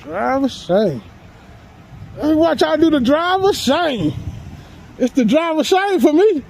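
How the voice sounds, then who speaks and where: A man's voice: extremely high pitch, expressive, moderate pace, slight background noise, poor audio. A man filming police from a public sidewalk, talking in a brash, taunting, swearing way and laughing often. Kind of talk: casual street talk.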